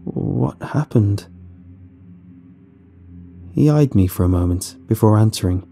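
A man narrates a horror story in a steady, measured way. His voice sits low, with a very dark, mellow tone and a husky grain. Faint music plays underneath.

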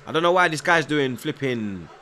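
A man's voice: a little high, lively intonation, normal speed, pushed and bright. A young man, chatting casually on a live football stream, reading out viewer comments, nervous but hyped. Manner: slangy, repeats himself, reads out chat, nervous yet hyped.

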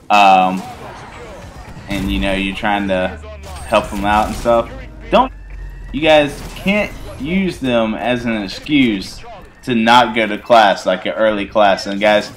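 A young man casually telling a rambling, funny personal story over gameplay, often breaking into laughter. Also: medium pitch. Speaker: gaming channel host.

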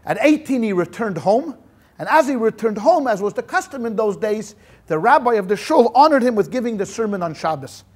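Man, rabbi, history lecture, high voice, animated storytelling, Yiddish words. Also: a little fast. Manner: animated storyteller acting out quotes, many restarts. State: sweating in a hot room.

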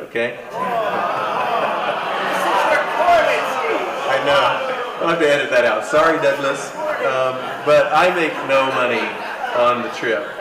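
A man teaching a lecture in conversational, animated fashion, with asides and dramatic emphasis. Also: medium pitch, echoey room, far from the mic, very noisy. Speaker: Bible teacher. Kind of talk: classroom lecture.

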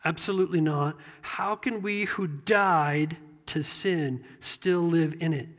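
A man's voice: fairly high pitch, takes it slowly, a bit bright, big-room sound. A man preaching a sermon as a pastor, talking conversationally and repeating phrases for emphasis. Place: church sanctuary.

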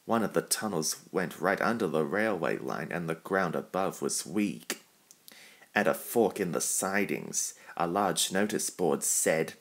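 A man narrating a children's storybook in a calm, even reading voice. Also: low voice, a little slow.

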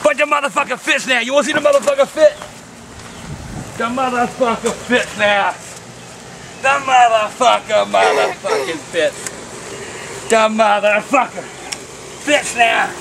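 An older man in a casual home video who curses nonstop and yells in fits of rage. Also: very high-pitched, fairly even intonation, moderate pace, long pauses, a crowd in the background. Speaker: family member being filmed. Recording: roomy, noisy home video.

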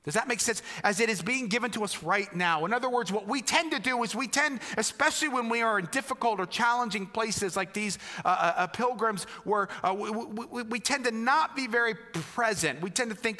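A man from the United States preaching a sermon as a pastor, reflective and restarting phrases, turning animated when he quotes other people. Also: high voice, a little fast, hardly any pauses, long reverb tail.

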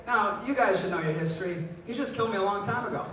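A man's voice: high voice, quick pace, background noise. A man from the Bay Area performing a live stand-up set, telling punchy, self-deprecating stories. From San Francisco Bay Area. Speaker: stand-up comedian. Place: comedy club stage. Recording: echoey club, far mic, loud crowd.

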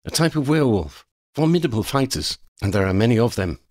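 A man reading the part of a calm, knowledgeable companion in an audiobook, in a gentle, measured way. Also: medium pitch, dry recording, studio quality, voice pushed up.

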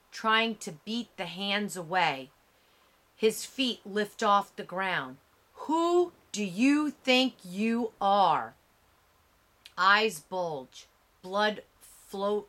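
Slow, bright-voiced woman narrating an audiobook. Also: lowish voice. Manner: slow, measured, dramatic reading.

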